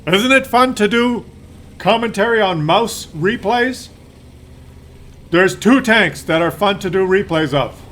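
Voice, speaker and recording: A man's voice: high voice, lively intonation, measured pace, fairly bright tone. A man giving casual, playful commentary on a tank game replay, rambling and teasing as he goes.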